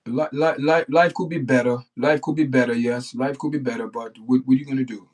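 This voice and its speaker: A man's voice: mid-range voice, steady tone, fairly quick, a little mellow. A man hosting a livestream, talking off the cuff in a blunt, repetitive rant that circles back on the same points. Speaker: livestream host. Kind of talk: unscripted livestream monologue.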